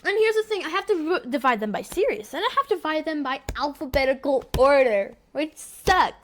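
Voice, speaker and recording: A young woman co-hosting, joking and giggly, animated in her telling. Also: high voice, brisk. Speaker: co-host, daughter.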